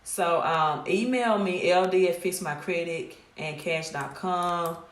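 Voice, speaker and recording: A woman's voice: on the low side, slow pace. Middle-aged woman with a Mississippi accent, host on a live stream, direct and scolding, repeats herself, roomy echo. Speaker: credit repair business owner hosting a live stream. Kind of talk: casual live stream pitch. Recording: echoey room.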